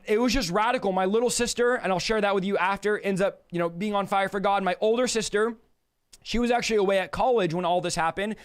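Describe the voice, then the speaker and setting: A man in his thirties from California, appearing as a guest, shares his personal faith testimony in a high, smooth voice. He acts out the quoted dialogue with animation.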